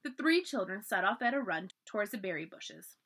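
A woman librarian reading a children's chapter book aloud, expressive and storyteller-like. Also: medium pitch, fairly quick. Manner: expressive storyteller, lively voices for dialogue.

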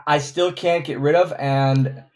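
A man hosting a casual chat podcast, halting and self-mocking as he talks. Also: a little high, steady tone. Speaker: podcast host.

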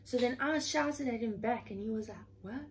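A woman's voice: fairly high pitch, fairly quick, slight background noise, rough recording. A woman in her twenties talking in a casual, heartfelt way from her room at home, earnest and chatty, often leaning on the word "literally.". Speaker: vlogger.

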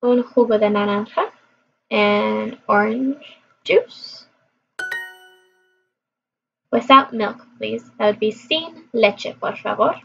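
Slow, chatty woman on a dull lo-fi track. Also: a little high, creaky. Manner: chatty, repeats app phrases aloud. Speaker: language learner vlogger. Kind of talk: casual chat. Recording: dull lo-fi recording.

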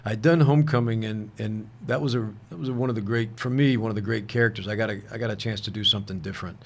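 A man with a low, gravelly voice recounts stories as a guest in a relaxed interview. He talks earnestly and haltingly, restarts his sentences often, and keeps dropping a casual "man". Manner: earnest, halting, retells anecdotes with frequent restarts; peppers speech with "man". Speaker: guest actor.

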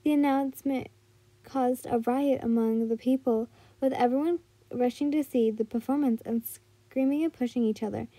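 High-voiced woman reading fanfiction. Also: steady tone, normal speed, dark tone, no echo. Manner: casual reading with frequent slips and restarts. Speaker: fanfiction reader. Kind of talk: storybook narration.

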